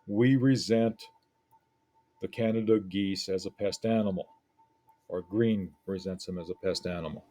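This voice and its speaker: A male teacher walks through an essay slowly and carefully, pausing often as he weighs each point. His voice is low and mellow. He talks in an unhurried, thoughtful way. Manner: deliberate, reflective, pauses often. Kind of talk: lesson analyzing an essay.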